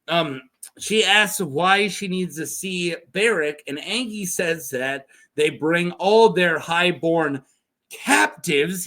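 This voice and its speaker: Brief: rambling male host of a lore video, lively delivery. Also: high voice. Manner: rambling, self-correcting, laughs often. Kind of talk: casual story recap.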